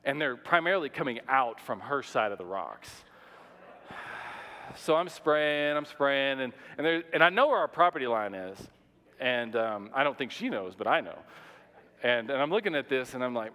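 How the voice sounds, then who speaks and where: A man in his thirties, a pastor telling a personal story in a sermon, animated and conversational with frequent restarts and fillers. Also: medium pitch, normal speed. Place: church sanctuary. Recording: long reverb of a large hall.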